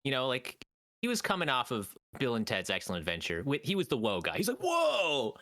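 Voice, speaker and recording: Man, podcast co-host, bright voice, very lively pitch, jokey movie chat, dry room. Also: fast talker. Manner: animated, jokey, swings his voice up and down. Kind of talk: casual comedic movie review chat.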